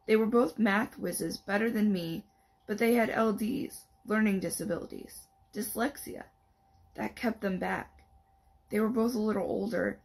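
A woman reading the lines of a clever young teen girl who speaks in a measured, thoughtful way. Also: mid-range voice, darkish tone, husky, poor audio.

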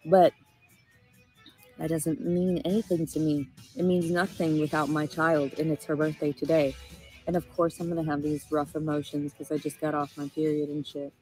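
Woman, Southern American accent, lowish voice, rambling livestream monologue, profane and emotional. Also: level tone, moderate pace, warm tone, soft background music, rough recording. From Arkansas, USA.

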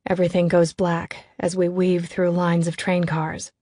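A woman's voice: fairly low pitch, monotone, unhurried, warm tone, no room sound. A woman reading a novel aloud in scripted first-person narration, in a tense, controlled way. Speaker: audiobook narrator.

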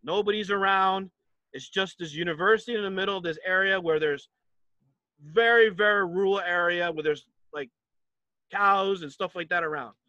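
A young man from New Jersey tells campers a personal story, high-pitched and bright. He acts out the dialogue and drops low for asides. The sound is close and dry. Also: moderate pace, no room sound. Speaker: camp speaker. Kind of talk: storytelling talk.

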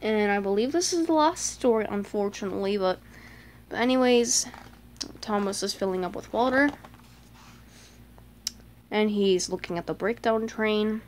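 Here a woman talks at medium pitch and normal speed, pausing often, with a bit of hiss or hum in the audio. As a fan showing off a picture book, she chats through it page by page, full of "like," gasps and little voices.

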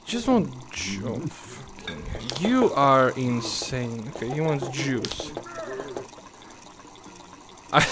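Over music, a gaming YouTuber talks his way slowly through a bar-serving game, exclaiming, swearing and using a put-on polite voice with customers. His pitch is medium and his intonation lively.

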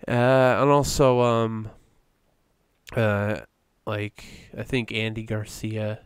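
A man co-hosting a casual podcast, his voice low-set and smooth. He rambles along with fillers and restarts, and the sound is dry and close. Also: level tone, slow pace, no room sound. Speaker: podcast co-host. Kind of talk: casual chat.

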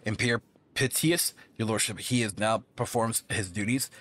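A man's voice: lowish voice, moderate pace, a bit bright. A man reading as a haughty stern chancellor. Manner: stiff formal reading.

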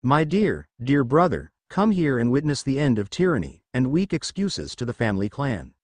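A man voicing a cold, sneering older-brother ninja in a story reading, speaking lower and quieter than his narration. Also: huge pitch swings, normal speed, no room sound. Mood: menacing.

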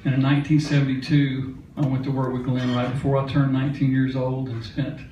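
A man's voice: mid-range voice, little pitch movement, a little fast, warm tone, dull audio, a little hiss or hum. Older male storyteller, folksy and chatty, heard from a distance in an echoey concert hall. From Mississippi. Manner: folksy, chatty, laughing now and then. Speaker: musician telling a story on stage. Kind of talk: onstage storytelling.

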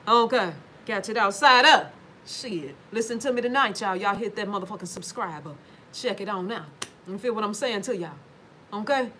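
A woman's voice: a little high, a bit bright, a little hiss or hum. Emphatic woman, swearing freely. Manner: emphatic, swears freely, addresses viewers directly. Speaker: livestream talker reading viewer comments. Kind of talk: casual profane livestream monologue. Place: at home.

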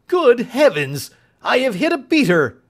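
A man voicing a blustering aristocratic hunter who talks loudly and in exclamations in an audiobook. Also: medium pitch, sing-song, normal speed. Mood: angry. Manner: loud, exclaiming.

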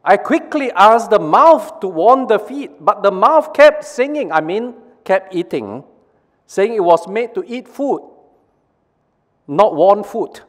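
A man playing an exasperated, scolding brain, voice pushed high above his own and swinging up and down, slow deliberate delivery. It rings with the long reverb of a worship hall. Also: expressive. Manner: scolding, raised and strained. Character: bossy exasperated brain of a body.

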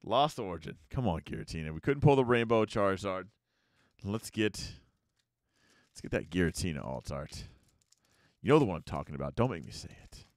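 A man's voice: deep voice, lively intonation, a little fast, long pauses, dry recording, studio quality. An American man hosting a casual card-opening video, chatting and muttering card names as he opens packs. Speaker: YouTube card-opening host. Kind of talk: casual pack-opening commentary.

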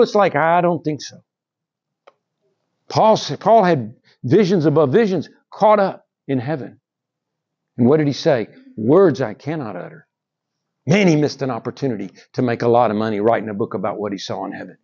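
A man preaching a sermon, swinging between raised, emphatic lines and hushed, drawn-out ones. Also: medium pitch, expressive, husky, lo-fi sound. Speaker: pastor.

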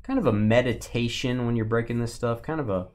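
A man's voice: mid-range voice, brisk. A man hosting a live card break stream, chatting casually with viewers and teasing them as he opens packs. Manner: chatty, playful teasing, lively.

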